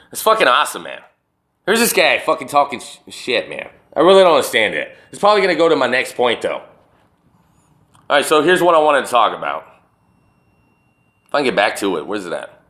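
Bright-voiced man ranting on his podcast. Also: mid-range voice, very animated, fairly quick, pauses often. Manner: profane, rambling, emphatic. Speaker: podcast host. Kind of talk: casual solo podcast rant.

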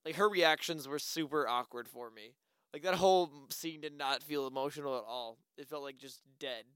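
A man's voice: on the high side, normal speed, fairly bright tone, clean tone, no room sound. A man chatting casually about a movie, blunt and swearing when something annoys him. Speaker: movie reviewer. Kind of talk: casual chat.

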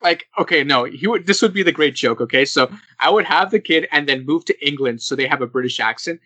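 A young man hosting a casual podcast chat, animated and laughing, acting out the people he quotes. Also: on the high side, fairly quick, breathy edge, no room sound, rough recording. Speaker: podcast host.

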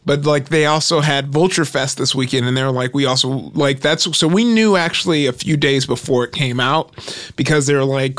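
A man's voice: moderate pace, no room sound. A man hosting a casual comedy podcast chat, telling a story with energy and acting out the quotes of others. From Nigerian family background. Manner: animated storyteller, acts out quotes with jumps in pitch.

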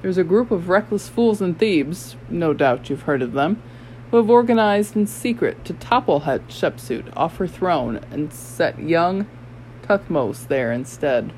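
A sly young male rogue who speaks in a bland, purring voice, as an audiobook narrator puts him on. Every line is smooth and insinuating, delivered at a middle pitch. It is a storybook character read aloud. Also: lively intonation, measured pace, a little mellow, a little hiss or hum, natural voice, poor audio.

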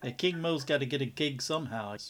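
A man co-hosting a relaxed podcast, chiming in with brief, dry comments. His voice sits at an ordinary pitch for a man. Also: brisk. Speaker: podcast co-host. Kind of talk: casual chat.

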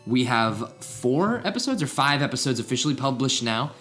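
A man's voice: medium pitch, very animated, moderate pace, fairly bright tone. A young man hosting a casual podcast, chatty and laid-back, rambling a little. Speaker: podcast host.

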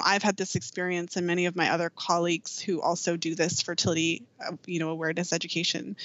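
A woman's voice: on the low side, a bit bright, no echo. A woman explaining in earnest detail as a podcast guest, often restarting her sentences and leaning on fillers. The recording is dull and lo-fi, and her voice sits dry and close with no room around it. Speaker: fertility awareness educator, podcast guest. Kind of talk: explanatory interview answers.

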